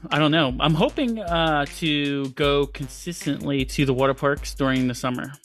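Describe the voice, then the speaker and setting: A man with a bright, forceful voice co-hosting a relaxed podcast chat. He rambles freely and fills his talk with "like" and "you know," with faint music underneath. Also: fairly high pitch, normal speed. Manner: rambling, lots of likes. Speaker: podcast co-host. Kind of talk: casual chat.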